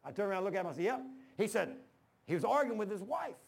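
Preaching in a church, a male pastor speaks in a high, gravelly voice, rapid-fire and very animated. He delivers his sermon colloquially and conversationally, telling folksy stories and acting out the dialogue along the way.

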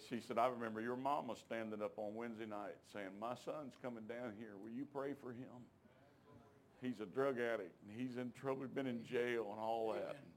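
A man's voice: mid-range voice, fairly even intonation, normal speed. A man preaching a sermon, telling his own testimony in a folksy, emphatic way and calling out to the congregation.

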